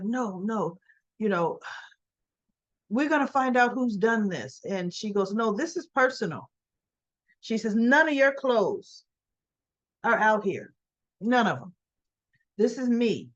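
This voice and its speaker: A woman's voice: mid-range voice, animated, measured pace, pauses often, dull audio. A woman casually retelling a soap opera episode, quoting the characters as she goes along. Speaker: soap opera recap vlogger.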